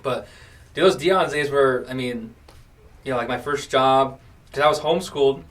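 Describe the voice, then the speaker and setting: Animated man telling stories, off-mic. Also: mid-range voice, normal speed, recorded from a distance. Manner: animated storyteller, acts out quotes. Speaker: podcast host. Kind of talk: casual chat.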